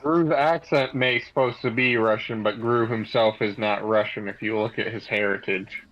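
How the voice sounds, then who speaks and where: A man's voice: fairly low pitch, fairly even intonation, moderate pace, highs cut off. Rambling, argumentative male tabletop player. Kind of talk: casual play and banter.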